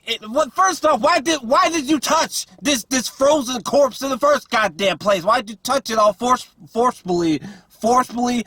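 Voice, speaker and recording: A man with a fairly high, husky voice rants through a casual movie review. He sounds exasperated and swears freely. He stumbles over his words with lots of fillers and restarts. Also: expressive, normal speed, bright, forceful tone, dry recording. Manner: exasperated, profane, rambling with many fillers and restarts.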